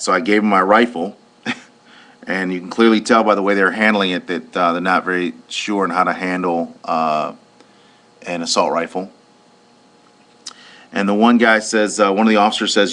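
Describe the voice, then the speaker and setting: Man, security guard, recounting an incident, plain-spoken, lowish voice. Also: steady tone, a little fast, fairly bright tone. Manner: plain-spoken, retells with acted-out quotes. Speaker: private security officer.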